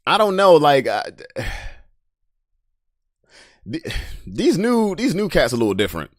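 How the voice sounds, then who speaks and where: A man in his early thirties hosting a podcast, talking casually and bluntly, swinging from low mutters to loud mocking rants. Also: wildly swooping pitch, a little slow, dry recording, clean studio sound. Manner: blunt and profane, with short laughs. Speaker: podcast host reading memes. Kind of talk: casual live-stream commentary.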